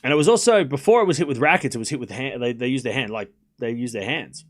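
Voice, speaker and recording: A man streaming live tennis commentary, switching between quick play-by-play and rambling, self-correcting chat with his viewers. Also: medium pitch, animated.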